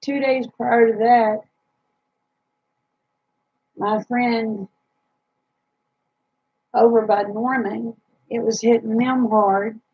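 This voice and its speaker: A woman's voice: a little high, fairly even intonation, extremely slow, long pauses, breathy edge, dull audio. A tired woman, rambling chattily to live chat viewers about her homestead with lots of fillers. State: tired, yawning.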